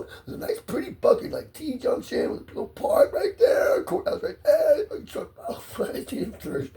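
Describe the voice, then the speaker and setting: A gravelly-voiced man spins a crude, wandering story, cursing nearly every line and chuckling at himself. His pitch swings up and down a lot, and he sits a bit away from the mic. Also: warm tone, far from the mic. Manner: profane, rambling, laughing at his own story.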